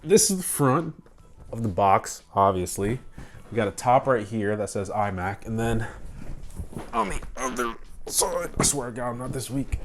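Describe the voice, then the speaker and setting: Excitable man unboxing at night. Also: mid-range voice, moderate pace. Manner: excitable, bursts into loud exclamations between quieter asides. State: slightly out of breath. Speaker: tech unboxing vlogger. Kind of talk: casual late-night unboxing. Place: home room at night.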